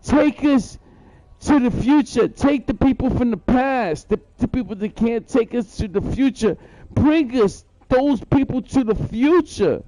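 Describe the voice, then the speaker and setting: A man's voice: very high-pitched, animated, unhurried, mellow, no echo. A man rambling through a profane, boastful story in a live-stream monologue, repeating himself as he goes.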